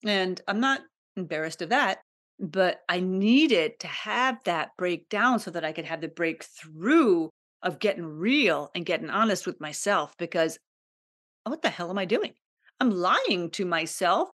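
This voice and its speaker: A woman's voice: fairly low pitch, animated, measured pace, fairly bright tone. A woman hosting a personal podcast, speaking candidly and emotionally and often repeating herself as she confides in listeners. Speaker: podcast host.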